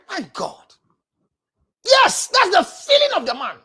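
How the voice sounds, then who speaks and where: A Ghanaian woman counselor giving blunt, scolding advice and breaking into shouts. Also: very high voice, huge pitch swings, takes it slowly, long pauses.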